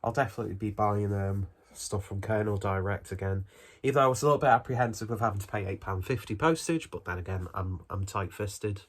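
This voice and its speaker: A man with a lowish voice talks quickly, still winded from a cold. He rambles through a casual beer review at home, poking fun at himself along the way.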